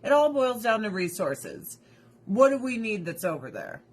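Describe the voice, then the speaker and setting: A woman's voice: medium pitch, wildly swooping pitch, normal speed. Blunt, cursing woman ranting. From United States. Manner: blunt, profane, opinionated ranting. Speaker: livestream host. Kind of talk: casual livestream chat. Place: at home with pets.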